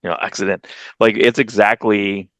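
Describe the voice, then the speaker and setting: A man co-hosting a comics podcast in casual chat, rambling through stories and acting out quotes with sudden leaps in pitch. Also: steady tone, moderate pace, a bit bright, no echo. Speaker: podcast co-host.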